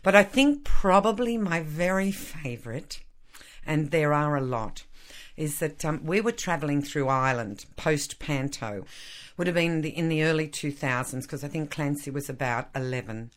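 A woman in her fifties with an Australian accent, an actress telling lively stories in a radio interview, laughing often. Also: low voice, normal speed. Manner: animated, laughs often, acts out quotes. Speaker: actress, guest.

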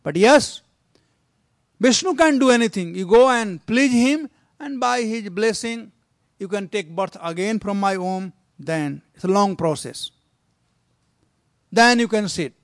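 Man doing a jealous stepmother queen. Dismissive, unhurried, dry. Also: high-pitched, expressive, no echo.

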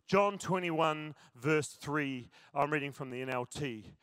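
A man's voice: a little high, measured pace, a bit bright, clear, resonant tone, no room sound. A man preaching a sermon to a church congregation, chatty and joking with the crowd. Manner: jokey, chatty, talks to the crowd. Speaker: pastor.

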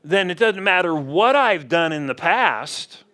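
A man's voice: sits high, lively intonation, a little slow, pushed and bright. A man preaching a conversational sermon in a church, often asking the congregation questions. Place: church sanctuary.

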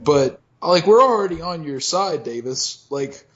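A man in a casual comedic podcast chat, full of jokey asides and laughter. His voice sits a little high for a man. The sound is dull and lo-fi. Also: animated, measured pace, fairly bright tone, a little hiss or hum. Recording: dull lo-fi recording.

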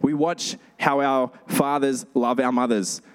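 A male pastor giving a sermon, telling lively stories with animated delivery. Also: medium pitch, measured pace, clean tone. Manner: storytelling, animated.

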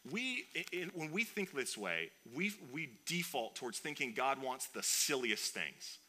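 A man preaching a sermon in a conversational, animated way, with playful asides. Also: mid-range voice, measured pace. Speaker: pastor.

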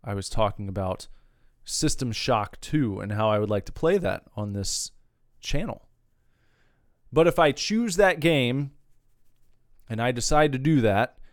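A man's voice: medium pitch, clean tone, dry recording, clean studio sound. A man hosting his own podcast, talking casually in a rambling, profane rant that wanders off on tangents. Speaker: podcast host.

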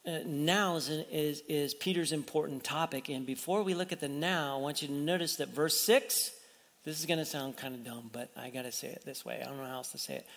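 Speaking in a large hall, a pastor with a fairly bright voice on the high side delivers a sermon in a conversational style. He keeps asking the congregation rhetorical questions.

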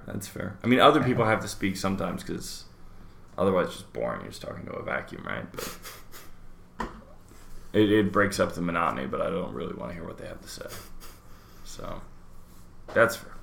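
Gravelly low-voiced man, blunt and profane. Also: expressive, normal speed, long pauses, a bit bright, a little hiss or hum. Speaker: podcast co-host. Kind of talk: casual podcast chat. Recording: roomy echo.

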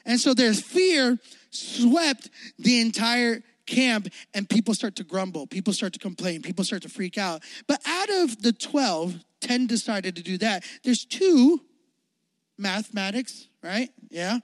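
High-voiced, jokey young preacher. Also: male voice, animated, a little slow, no room sound. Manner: playful, jokey, slangy, acts out quotes. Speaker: youth pastor. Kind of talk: youth sermon.

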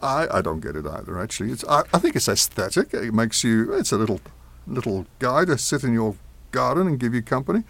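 A man's voice: medium pitch, very animated, brisk, creaky, a bit bright. A man in a casual news chat, who brings in stories with dry, wry remarks. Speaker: co-host.

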